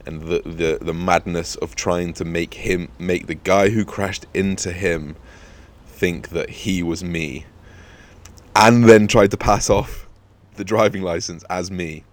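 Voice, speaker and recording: A man's voice: low-pitched, takes it slowly. A young man in his twenties hosting a podcast, telling a casual story full of swearing and acted-out quotes. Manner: swears freely, animated anecdote with acted-out quotes. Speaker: podcast host.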